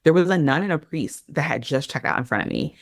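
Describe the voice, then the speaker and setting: A woman talks through a personal story as a podcast guest, animated and chatty, peppering her speech with casual fillers. Her voice is recorded close up in a dry space with no room sound. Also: deep voice, fast, creaky, no echo. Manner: animated, chatty, heavy use of "like" and "girl".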